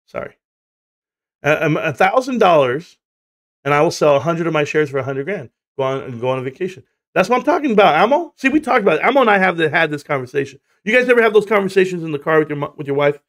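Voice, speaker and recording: A man's voice: a little high, lively intonation, quick pace, fairly bright tone. A man hosting a casual livestream chat, rambling, swearing and laughing through stories, from the United States. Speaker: livestream host.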